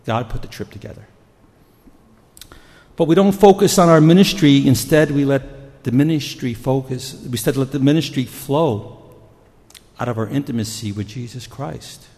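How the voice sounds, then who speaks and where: Preaching in a hall with long reverb, this man speaks at normal speed in a mid-range, darkish voice. His sermon is earnest storytelling, with panicked voices acted out along the way.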